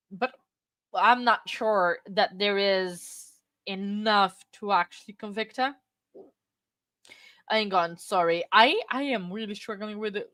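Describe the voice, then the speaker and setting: A woman hosting a livestream, talking in a rambling, halting way while she has the hiccups. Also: mid-range voice, a bit bright, dry recording. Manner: rambling, self-interrupting, halting. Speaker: livestream host. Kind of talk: casual livestream chat. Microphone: desk microphone.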